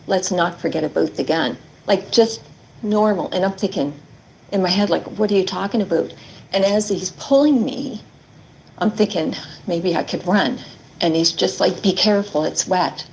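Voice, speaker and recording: A woman's voice: mid-range voice, normal speed, gravelly, darkish tone, slight background noise, low-quality recording. A middle-aged woman giving earnest interview testimony, retelling events and quoting what was said with frequent "like" fillers. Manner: earnest, quotes herself and others, many "like" fillers. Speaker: interviewee recounting her ordeal.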